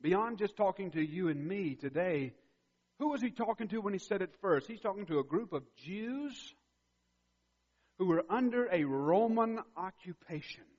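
A man's voice: high-pitched, animated, normal speed, darkish tone. A man preaching a sermon as a pastor, emphatic and building in intensity, repeating key phrases for weight. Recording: dull recording with long hall reverb.

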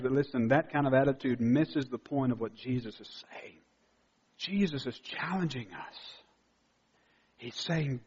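A male pastor preaching a sermon, swinging from quiet, intimate asides to loud, emphatic declarations. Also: fairly high pitch, big-room sound, dull audio. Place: church sanctuary.

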